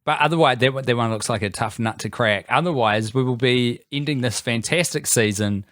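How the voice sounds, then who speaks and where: A man's voice: mid-range voice, brisk, fairly bright tone, no echo. A male podcast co-host chatting casually, playful and mock-formal, with a mid-range voice. The recording is dry and close to the mic. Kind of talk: casual comedy podcast chat.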